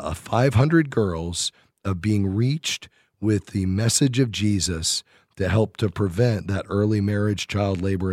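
Hoarse man hosting a Christian radio show. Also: on the low side, a little mellow, dry recording, studio quality. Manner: earnest donation appeal, frequent "uh" pauses. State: hoarse, scratchy voice. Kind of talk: closing a faith-based money radio show.

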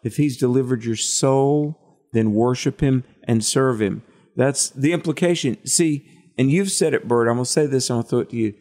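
A man's voice: mid-range voice, normal speed, mellow. A man co-hosting a Bible study discussion, reading scripture and drawing out its meaning in a preacherly way. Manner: preacherly, asks questions of co-host. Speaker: Bible teacher co-host.

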